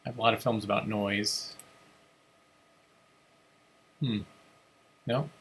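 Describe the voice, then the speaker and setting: A man's voice: on the low side, steady tone, slow, a bit bright. A man hosting a casual livestream, musing aloud with many ums. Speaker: host.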